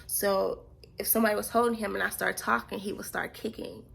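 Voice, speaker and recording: A young woman vlogger tells a personal story earnestly and haltingly, often repeating herself and sometimes dropping almost to a whisper. Her voice is mid-range, steady in tone, creaky, a bit bright, and breathy at the edges.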